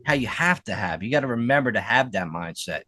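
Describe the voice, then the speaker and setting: Male podcast co-host, rapid and brash, swears casually, dry sound. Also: mid-range voice, expressive, sharp tone, no room sound. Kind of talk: casual chat.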